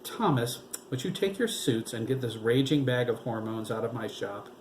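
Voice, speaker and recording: Male reader voicing a lisping campy male tailor, theatrical and flirty, a little higher than the narration. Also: expressive, moderate pace, slight background noise, close to an everyday voice. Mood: teasing. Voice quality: lisp.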